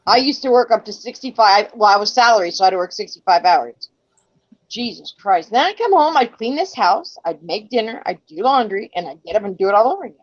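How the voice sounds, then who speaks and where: A woman's voice: mid-range voice, lively intonation, a little fast, dry recording. An older woman from New Jersey, a livestream host who chats casually and bluntly, swears freely and tells stories in quoted voices. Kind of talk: casual chat. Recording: dull dry sound.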